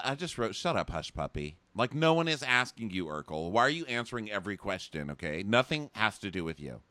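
A sarcastic man co-hosting a casual podcast, recapping with mocking put-on quotes. His voice is bright and lively in pitch, slightly low, and the sound is dry and close. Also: normal speed, hardly any pauses, no echo. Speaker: podcast co-host. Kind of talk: casual chat recapping a TV show.

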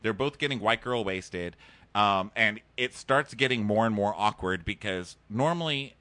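A man's voice: on the low side, a little slow, pushed and bright, dry recording. A man co-hosting a podcast, recapping a reality show in a casual chat and acting out scenes in exaggerated voices. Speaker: podcast co-host.

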